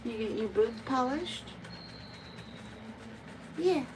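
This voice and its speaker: Woman groomer chatting on a live stream, coos at the cat, slow and a bit high-pitched, lots of noise behind. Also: animated, over music, rough recording.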